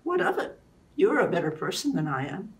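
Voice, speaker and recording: A woman reading aloud and voicing a brave young queen who pleads softly. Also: lowish voice, big pitch swings, quick pace, far from the mic. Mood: tender. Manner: pleading, soft.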